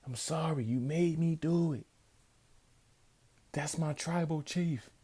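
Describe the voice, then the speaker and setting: A man putting on the high, pleading voice of a frantic male wrestling manager. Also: slow, dark tone, breathy edge. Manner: pleading, urgent, raised high voice.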